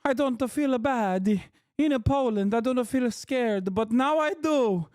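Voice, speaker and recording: A man's voice: very high-pitched, slow, darkish tone, clear, resonant tone, dry recording, clean studio sound, voice pushed up. A man putting on the voice of an Italian woman tourist, in exaggerated, sing-song mockery. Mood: mocking.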